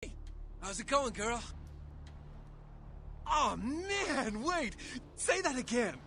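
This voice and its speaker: A man's voice: extremely high pitch, slow pace, exaggerated voice. An actor playing a jittery, gushing young male vampire fanboy in a video game. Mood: eager. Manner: excitable, breathless, gushing. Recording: game audio over music.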